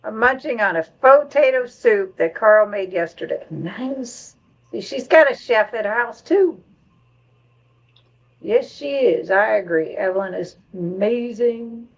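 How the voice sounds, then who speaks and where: A woman's voice: on the high side, lively intonation, a little slow, vocal fry, highs cut off. A middle-aged woman hosting a live stream in casual chat, reading viewer comments aloud and laughing along.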